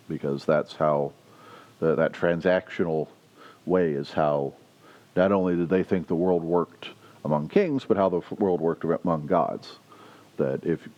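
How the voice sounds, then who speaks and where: A man, a pastor, leading a conversational Bible study, talking in halting phrases with many restarts and raising his voice to act out quotes. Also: a little mellow. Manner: halting, restarts often, acts out quotes with raised pitch. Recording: dull lo-fi recording.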